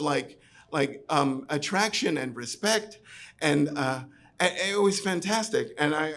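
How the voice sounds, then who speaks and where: A man's voice: a little high, a bit bright. A man from New York telling a personal story on a pub stage, chatty and full of "like" and "right". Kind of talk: live comic storytelling.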